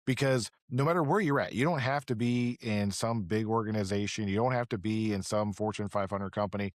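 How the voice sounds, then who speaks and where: A man's voice: lowish voice, a little fast, dry recording, studio quality. A man hosting a podcast, talking eagerly and turning straight to the audience. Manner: enthusiastic, talks straight to the audience. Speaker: podcast host. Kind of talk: casual interview talk.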